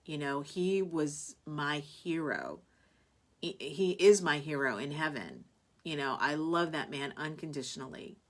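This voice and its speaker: Woman host, low voice, casual live chat, heartfelt and rambling, full of fillers. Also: lively intonation, a little slow. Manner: warm, heartfelt, rambling with many fillers and restarts. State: tearful at moments. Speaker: host of a live online show. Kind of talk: casual live-stream chat reading viewer comments.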